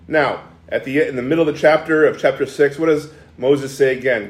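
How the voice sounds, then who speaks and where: Animated male preacher in an echoey church. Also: fairly high pitch, moderate pace. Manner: animated, acts out quoted speech with frequent restarts. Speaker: pastor. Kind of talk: expository sermon. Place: church sanctuary.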